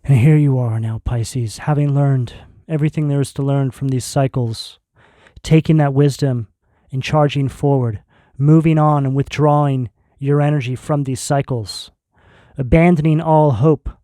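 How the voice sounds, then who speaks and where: A man giving a tarot reading video, speaking in slow, emphatic, intense declarations. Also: mid-range voice, fairly even intonation, dark tone, dry recording, studio quality. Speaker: tarot reader.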